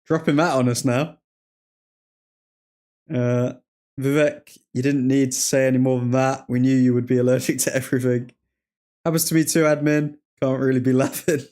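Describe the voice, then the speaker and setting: A man's voice: medium pitch, level tone, normal speed, pauses often, a little mellow. A chatty man hosts a live football watchalong in a casual, rambling way. He laughs often, reads chat aloud and breaks off to call out the play. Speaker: streamer host.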